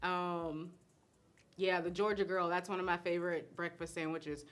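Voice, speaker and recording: A woman's voice: fairly low pitch, level tone, moderate pace. Chatty woman, laughing often. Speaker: host and cook answering viewer questions. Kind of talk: casual live-stream chat.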